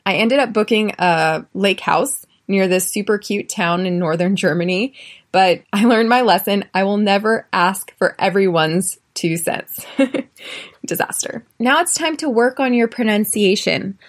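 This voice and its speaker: An American woman hosting an English-learning podcast, telling personal stories and drilling phrases slowly for listeners to repeat. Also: medium pitch. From United States. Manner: clear, slow drilling in repeat-after-me phrases; chatty, often tags lines with "right?". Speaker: podcast host and English teacher. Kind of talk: podcast lesson.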